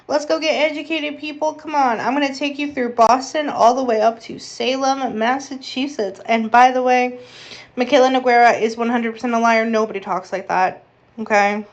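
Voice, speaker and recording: A woman talks through her travel vlog in a chatty, upbeat way, tossing in playful asides. Her voice sits a little higher than most. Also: steady tone, normal speed, muffled recording. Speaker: vlogger. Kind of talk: casual travel vlog narration.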